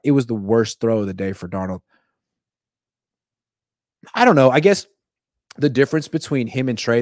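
Animated sports-talk man. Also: medium pitch, dry recording, clean studio sound. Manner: animated, jokey, quick asides. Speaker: sports commentator. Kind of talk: casual commentary.

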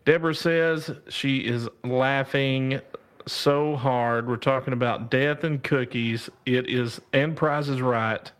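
A man with a drawl hosts a live stream in a relaxed, slow way. He chats casually, reads viewer comments aloud and laughs a lot, often calling out to God. His voice sits at a middle pitch. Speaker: live show host reading viewer comments.

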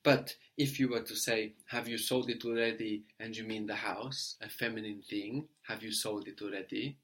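A man teaching a language lesson, explaining patiently step by step and checking understanding with a quick "no?". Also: lowish voice, steady tone, fairly bright tone.

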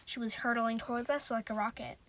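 High-voiced woman reading a story aloud. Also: steady tone, a little fast, fairly bright tone. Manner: chatty asides between passages. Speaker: reader.

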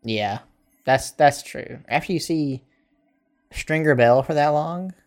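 A man's voice: on the high side, slow. A man co-hosting a podcast in casual chat, laid-back and teasing. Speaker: podcast co-host.

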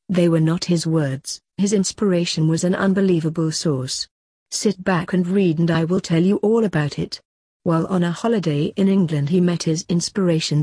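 Lady reading a story out loud, warm mellow voice, bit husky, no room echo. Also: on the low side, studio quality. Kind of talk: storybook narration read aloud.

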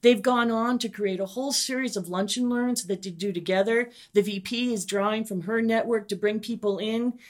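A middle-aged woman, a guest and teacher, telling lively anecdotes in an interview and acting out what people said. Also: on the high side, normal speed, hardly any pauses. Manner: animated, enthusiastic, acts out quotes.

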